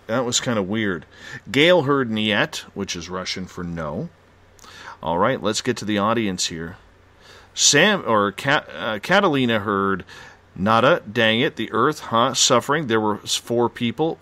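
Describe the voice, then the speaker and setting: A male radio host running a live call-in show, haltingly reading listener reports one after another. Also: lowish voice, expressive, sharp tone, no room sound.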